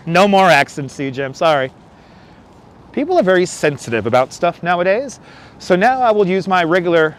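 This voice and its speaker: A man with a high, sing-song voice speaks briskly while hosting a casual walking live stream. Wearing a wireless lapel mic on a windy city bridge, he jokes and reads viewer comments aloud over city traffic and passing subway trains.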